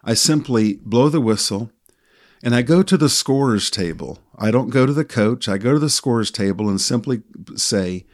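A middle-aged man co-hosting a podcast, telling a story from his work as a sports official in a calm, measured way. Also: mid-range voice.

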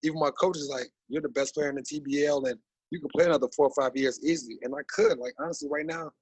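A man in his thirties, a basketball coach guest on a podcast, talking in an animated, rambling way with many fillers. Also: a little high, fast, breathy edge, no echo, rough recording. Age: 30s. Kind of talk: casual podcast interview.

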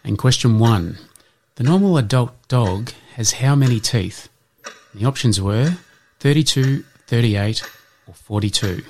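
A man hosting an educational podcast, reading out answers in a measured way and slipping in dad jokes. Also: medium pitch, animated, a little mellow, slight background noise. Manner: measured, spells things out, slips in dad jokes. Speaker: podcast host.

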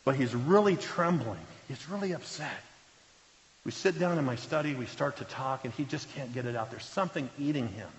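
A man preaching a sermon as a pastor, telling stories earnestly and dropping to a hush at solemn moments. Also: medium pitch, lively intonation, moderate pace. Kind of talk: sermon storytelling. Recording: reverberant hall, dull lo-fi sound.

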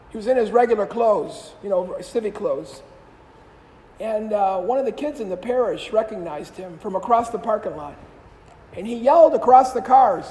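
A priest giving a storytelling homily, telling stories and trailing off softly at the ends of phrases. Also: male voice, high-pitched, big-room sound, low-quality recording. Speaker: Catholic priest.

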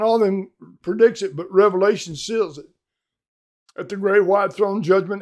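An older man preaching with a high-pitched voice. He is fervent and emphatic, and speaks plainly straight into a webcam. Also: a little mellow. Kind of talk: evangelistic sermon.

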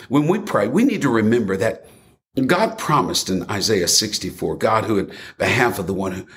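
A male preacher delivering a sermon with a fairly low voice. His pitch rises and falls freely as he quotes scripture and recites lines of an old hymn. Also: a bit bright, slight background noise.

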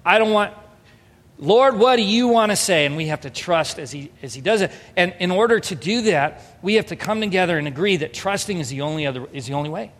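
A pastor in his thirties preaching an earnest, emphatic sermon, moving between soft storytelling and raised exhortation. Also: on the high side, expressive, fast, few pauses. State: emotional, near tears. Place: church hall. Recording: reverberant hall.

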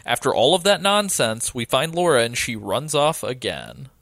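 A man's voice: medium pitch, big pitch swings, moderate pace, vocal fry, a bit bright, no echo. A man in casual chat recapping a horror game with a co-host, enthusiastic and swearing freely, with many ums. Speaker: podcast co-host discussing a game.

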